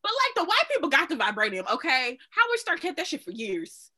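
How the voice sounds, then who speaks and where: A woman's voice: sits high, very animated, brisk, pushed and bright, rough recording. A woman co-hosting a podcast, chatting casually in a playful, slangy way. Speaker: podcast co-host. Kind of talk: casual chat.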